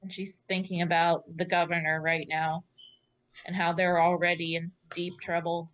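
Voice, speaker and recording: A woman playing a tabletop game who speaks slowly and politely in character. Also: on the low side, level tone, fairly bright tone, dull audio, a little hiss or hum. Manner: slow, polite, says ma'am. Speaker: player.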